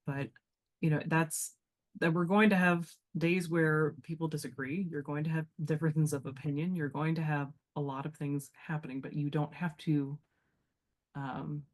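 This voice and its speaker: A woman's voice: deep voice, fairly even intonation, moderate pace. Teacher type, a woman thinking aloud on a podcast, loose and rambling, heavy on filler words. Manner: reflective, rambling with many fillers. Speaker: guest. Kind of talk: casual podcast chat.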